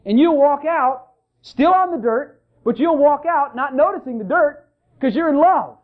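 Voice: sits high, lively intonation, normal speed. A preacher delivering a fervent, emphatic sermon in church, repeating phrases and calling out to the congregation. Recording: tinny phone-like sermon recording.

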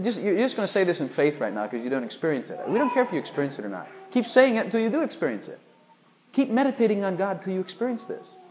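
Animated, high-pitched preacher man. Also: slight background noise, low-quality recording. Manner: emphatic, asks the listeners rhetorical questions. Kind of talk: sermon.

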